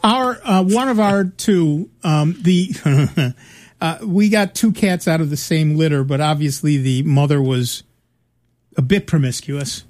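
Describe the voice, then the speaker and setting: A man's voice: fairly high pitch, a little slow, darkish tone. A man hosting a tech talk show, chatting casually and agreeably. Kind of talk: casual chat.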